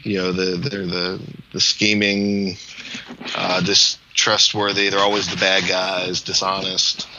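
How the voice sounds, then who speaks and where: A man's voice: low voice, completely flat delivery, slow pace. A man in casual chat who halts and searches for his words, on a dull lo-fi line with faint hiss.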